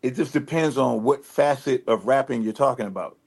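A man with a Detroit accent, guest on a radio interview, talking in a relaxed, rambling way full of fillers and restarts. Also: mid-range voice, fairly quick, vocal fry, slightly rough. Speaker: rapper guest. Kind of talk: casual interview talk.

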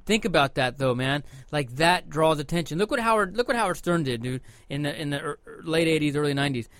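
A man's voice: a little high, lively intonation, fast, a bit bright, dry recording. A man co-hosting a podcast, talking in a rambling, emphatic way and swearing freely. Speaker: podcast co-host. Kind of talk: casual profane chat.

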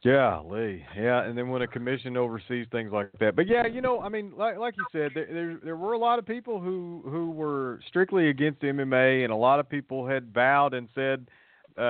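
A man's voice: mid-range voice, brisk, no echo. Folksy man on a tinny line. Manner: rambling, folksy, repeats words. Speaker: podcast host. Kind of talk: casual podcast chat. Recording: tinny phone-like audio, dry.

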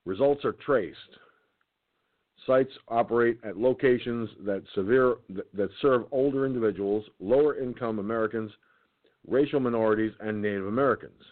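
Tired man reading on a tinny line. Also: mid-range voice. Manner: reads haltingly, stumbles and restarts words. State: tired, keeps yawning. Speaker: internet radio host. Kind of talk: reading a document aloud with commentary.

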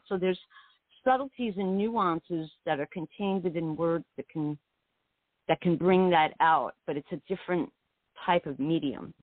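On the radio, a poet guest speaks in a meandering, reflective manner, her voice on the low side. The recording is dry and comes through a tinny phone line.

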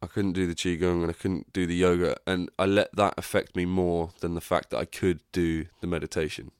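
A man's voice: low-pitched, little pitch movement, brisk, clean tone, dry recording, clean studio sound. A young man hosting a podcast, talking candidly and rambling in a casual reflective monologue, swearing freely. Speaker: podcast host.

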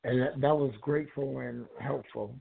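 Gravelly laid-back man on a phone. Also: mid-range voice, steady tone, normal speed, slight background noise. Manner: laid-back slangy talk, laughs often. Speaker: caller. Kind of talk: casual call-in chat. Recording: gravelly voice over phone line.

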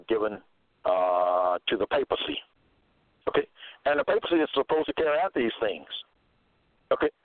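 Slow-talking man on a tinny line. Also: mid-range voice, dry recording. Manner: deliberate, cites verses, repeats "okay?". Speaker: self-styled religious teacher. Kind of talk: slow scripture-citing sermon. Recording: tinny phone-like dry sound.

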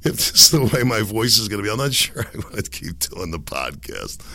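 A middle-aged man hosting a casual solo podcast from a home setup, rambling and laughing at his own jokes, his voice hoarse from being sick. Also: on the low side, big pitch swings, a little fast, pushed and bright, no room sound. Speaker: podcast host. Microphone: desk microphone.

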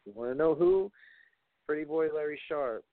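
A man's voice: fairly high pitch, expressive, normal speed, dry recording. Casual wrestling podcast man, tinny line. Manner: rambling, reads off long lists, swears casually. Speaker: podcast host. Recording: tinny phone-like line, dry.

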